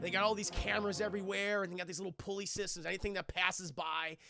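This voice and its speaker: A man streaming a casual, profane film recap, rambling and acting out scenes in quick voices. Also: high voice, flat delivery, creaky, music in the background.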